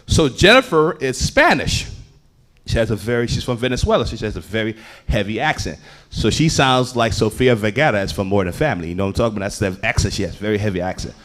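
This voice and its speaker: A man telling a story on a comedy club stage, swinging between loud bursts and low asides. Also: expressive, fast talker. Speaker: stand-up comedian. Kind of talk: stand-up storytelling.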